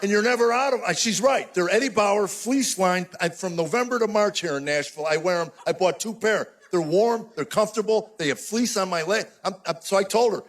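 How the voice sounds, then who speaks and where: A man's voice: high voice, fairly quick, hardly any pauses. A man in his sixties doing a stand-up routine on a live stage, telling exasperated stories with punchy mock outrage. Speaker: stand-up comedian.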